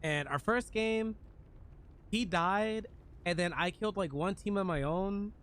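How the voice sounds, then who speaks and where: Here a man with a high voice speaks at a measured pace during a live gaming stream. He's animated and playful, talking casually with chat as he plays, and the sound is smooth.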